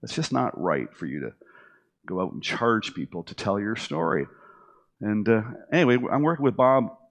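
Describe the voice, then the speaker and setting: His voice sits on the low side and moves at a normal speed. A middle-aged man is casually narrating his own experience, acting out others' words with energy amid plenty of fillers and restarts.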